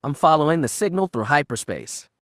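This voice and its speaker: A man doing a gruff, terse bounty hunter. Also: on the high side, animated, a little fast, a bit bright, no echo, clean studio sound.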